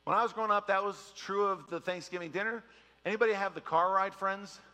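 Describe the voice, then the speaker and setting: A middle-aged male pastor gives a chatty, joking sermon in a high, bright voice with some gravel to it. He's animated and mimics people in quick asides, and a long church-hall reverb trails his words.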